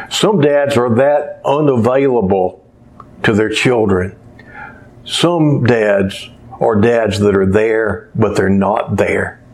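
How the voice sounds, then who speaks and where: A man's voice: on the low side, darkish tone. Rambling male preacher telling stories. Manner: rambling storyteller who loses his place and restarts. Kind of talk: sermon with storytelling.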